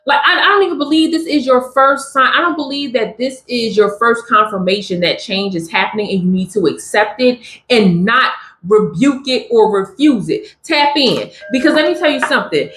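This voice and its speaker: A woman gives a spiritual tarot reading in a fairly high voice, pressing each point with emphasis and returning to her catchphrases again and again. Her voice rings with a noticeable echo from the room she is recording in. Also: fairly bright tone. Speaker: tarot reader.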